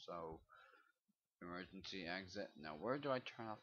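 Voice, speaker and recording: A man giving casual gameplay commentary who swears often and breaks into loud, frustrated outbursts. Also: deep voice, animated, moderate pace, pauses often. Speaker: Let's Play gamer. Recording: dull lo-fi recording.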